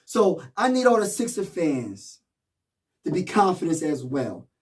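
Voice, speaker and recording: A man's voice: a little high, very animated, a little slow, recorded from a distance. Hyped fan man, a bit off-mic. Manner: repetitive, rallying, slangy. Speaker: sports fan vlogger.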